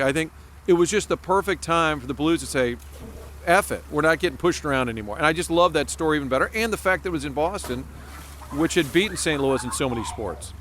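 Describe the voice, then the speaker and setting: A man co-hosts a relaxed sports podcast and tells his stories with animated energy, now and then laughing mid-sentence. His voice sits a little on the high side. Faint traffic noise hums behind him, as if from a street outside. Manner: storytelling, animated, laughs while talking. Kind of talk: casual chat.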